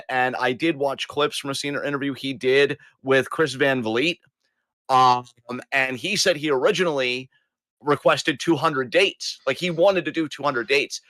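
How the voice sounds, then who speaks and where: Man, podcast co-host, rambling casual talk, dry close sound, mid pitch. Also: steady tone, normal speed, fairly bright tone, no echo. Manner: rambling, self-correcting, chatty. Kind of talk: casual chat.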